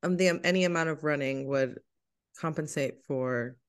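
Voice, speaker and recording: Teasing woman co-host who laughs easily, slightly low voice. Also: normal speed, clean tone. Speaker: podcast co-host. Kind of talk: casual chat.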